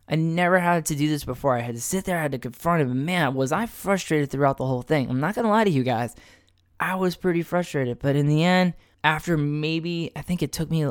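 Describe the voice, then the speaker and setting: A man's voice: a little high, no room sound, studio quality. A young man hosting a solo podcast, talking loosely and profanely with a motivational self-talk manner. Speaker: podcast host. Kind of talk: casual solo podcast monologue.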